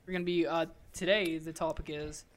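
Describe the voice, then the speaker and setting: A man's voice: fairly high pitch, little pitch movement, a little fast. A man co-hosting a casual podcast chat, telling stories animatedly and laughing often. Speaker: podcast co-host.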